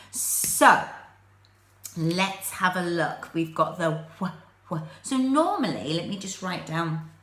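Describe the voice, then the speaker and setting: A woman teaching phonics to young children, sounding out letters slowly and clearly, with an English accent. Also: fairly low pitch, reverberant.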